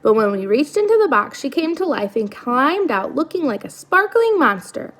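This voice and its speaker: A woman voicing a friendly, talkative female otter who chats in a bright, sociable way. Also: high-pitched, big pitch swings, normal speed, pitched above the performer's own voice. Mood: chatty.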